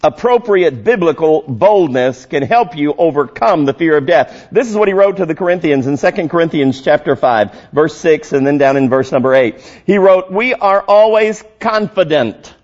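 A male pastor preaching a sermon emphatically, rising to loud high peaks and dropping to low quiet lines. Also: lively intonation, normal speed, few pauses, dull audio.

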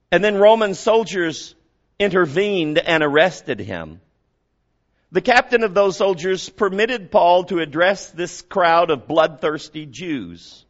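High-voiced preacher swinging loud and soft. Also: male voice, lo-fi sound. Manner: swings from quiet to loud emphasis, asks the congregation questions. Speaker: pastor. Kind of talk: sermon.

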